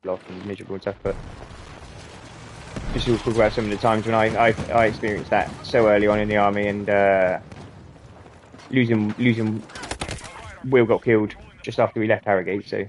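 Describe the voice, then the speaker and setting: Brief: low-pitched man, chuckling storyteller, faint background noise. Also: steady tone, fairly quick, long pauses. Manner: rambling, sweary, chuckling often. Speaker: podcast host and army veteran. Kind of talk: casual storytelling.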